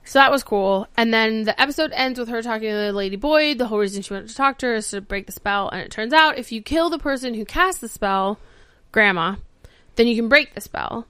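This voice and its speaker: A woman podcast host giving a casual, animated recap of a TV episode, acting out the characters' lines and swearing freely. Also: on the high side, a little fast, clear, resonant tone, no echo. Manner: animated storytelling, acts out quotes, swears freely.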